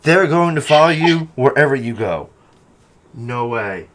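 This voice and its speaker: A man hosting a comedy podcast, brash and profane, mocking his guests loudly one moment and muttering the next. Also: medium pitch, unhurried. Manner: animated, swings between loud and quiet. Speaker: podcast host. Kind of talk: crude comedic podcast banter.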